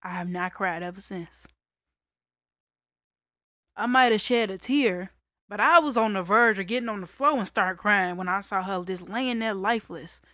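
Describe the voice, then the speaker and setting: A young woman candidly telling a personal story in a casual monologue, raw and conversational, breaking into loud laughter. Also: mid-range voice, normal speed, dry recording, clean studio sound. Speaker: vlogger.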